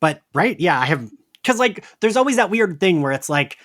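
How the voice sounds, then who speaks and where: A man's voice: sits high, big pitch swings, moderate pace, fairly bright tone. A man co-hosting a casual podcast chat, talking loosely and acting out quoted lines. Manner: chatty, acts out quoted lines. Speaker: podcast co-host.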